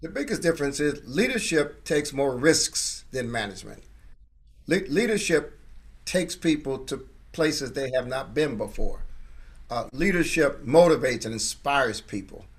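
A man, a senior pastor, answering interview questions in a measured way that builds through repetition. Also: medium pitch, expressive, husky. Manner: measured, repetitive rhetorical emphasis. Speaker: pastor, guest.

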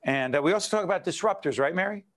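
A man's voice: high-pitched, lively intonation, rapid-fire, a bit bright. A man hosting a leadership talk show, bantering with energy. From New Jersey. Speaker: host.

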